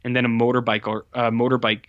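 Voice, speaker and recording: A man co-hosting a podcast rambles through a casual film recap, his storytelling heavy on likes and uhs. His medium-pitched, slightly bright voice moves quickly with little pitch variation. The audio is dull but free of echo.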